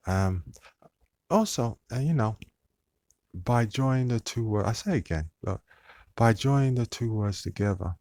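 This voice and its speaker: A man's voice: deep voice, a little mellow, no room sound. A man hosting his own channel, talking to viewers in a meandering, hesitant monologue full of fillers and restarts. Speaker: channel host.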